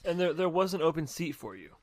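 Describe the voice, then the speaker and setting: A young podcast co-host in casual chat, teasing and quick to laugh. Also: medium pitch, very animated.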